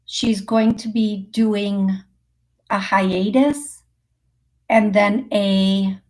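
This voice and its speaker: A woman's voice: medium pitch, fairly even intonation, very slow, a little mellow. A woman hosting a live psychic call-in show, chatting through readings with frequent laughs and fillers. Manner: chatty, laughs often, thinks aloud with fillers. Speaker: psychic medium host.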